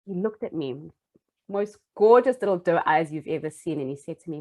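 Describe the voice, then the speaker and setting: A woman's voice: deep voice, lively intonation, normal speed, a little mellow. A young adult woman and former primary school teacher telling a personal story in an earnest, heartfelt way, with small restarts.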